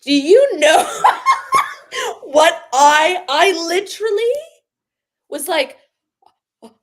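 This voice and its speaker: A woman's voice: very high voice, huge pitch swings, drawn-out words, a bit bright. A young adult woman co-hosting a livestream, telling a story in casual chat, acting out quotes and laughing often. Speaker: livestream co-host.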